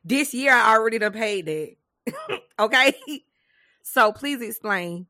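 A woman co-hosting a podcast in casual chat, animated and dramatic, often laughing. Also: a little high, takes it slowly, no echo, clean studio sound. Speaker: podcast co-host.

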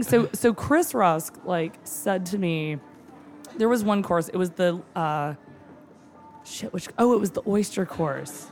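A cook talks casually and excitably about a tasting menu, gushing through lots of fillers and some swearing. Her unhurried, medium-pitched voice shows she's moved almost to tears.

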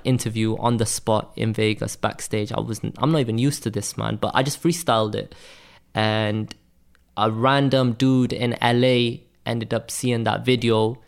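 Chatty Welsh man, gravelly voice. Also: fairly low pitch. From Wales. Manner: loose and chatty, full of "like" and "man". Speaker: graphic designer guest. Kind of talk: casual interview storytelling.

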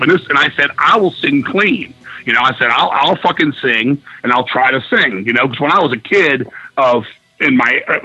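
A brash man tells a story in a bright, pushed voice that sits a little high. He swears freely and acts out what people said. Faint music plays underneath. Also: muffled recording. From Virginia, US. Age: 50s. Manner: profane, excitable, acts out quoted dialogue. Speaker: guest musician. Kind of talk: casual interview storytelling. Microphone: phone call-in.

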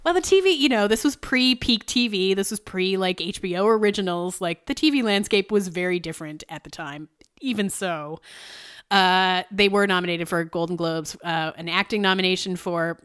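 A woman's voice: mid-range voice, normal speed, a bit bright, clean tone. A young adult woman hosting a podcast, chatting casually and sardonically with frequent laughs. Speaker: podcast host. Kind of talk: casual chat.

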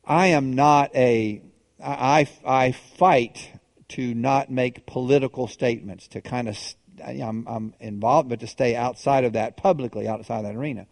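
A man's voice: medium pitch, measured pace, gravelly, darkish tone, dry recording, big-room sound. A male pastor preaching a sermon in a conversational way, asking the congregation questions and often restarting his sentences.

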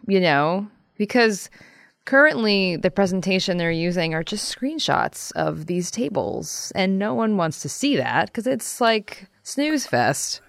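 A woman's voice: fairly low pitch, no echo, studio quality. A woman designer in a casual chat who talks freely and laughs often.

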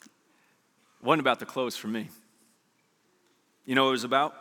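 A man preaching a sermon as a pastor, speaking conversationally with rhetorical questions and swinging from loud bursts to hushed lines. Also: mid-range voice, moderate pace, long pauses. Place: church sanctuary. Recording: long reverb of a large church hall.

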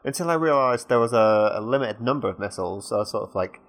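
A man's voice: lowish voice, expressive, quick pace. A man with a British accent co-hosting a casual gaming podcast, rambling and hesitant as he works through his thoughts. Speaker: podcast co-host.

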